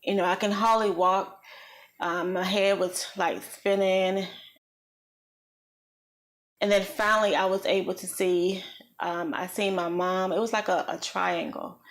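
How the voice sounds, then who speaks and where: A woman vlogger recounting a personal experience in an earnest, reflective way, slow and halting with many pauses. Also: mid-range voice, steady tone. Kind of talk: personal storytelling.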